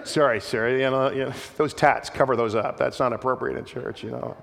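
A man's voice: medium pitch, fairly even intonation, a little fast, vocal fry, a bit bright, long reverb tail. A man playing a fault-finding church greeter who curtly scolds people at the door. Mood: scolding. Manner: curt, scolding.

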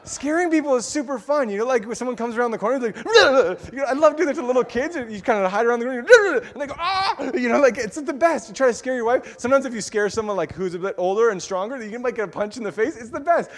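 A man preaching a sermon as pastor, telling the story in a playful, animated way with frequent laughter. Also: very high voice. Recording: long hall reverb.

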